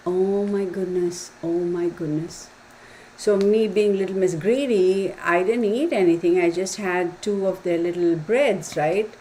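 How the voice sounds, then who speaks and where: A woman's voice: lowish voice, a little mellow, slight background noise, low-quality recording. A woman, rambling along in casual chat with the viewers of her live stream and saying y'all. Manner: chatty, rambling, says y'all.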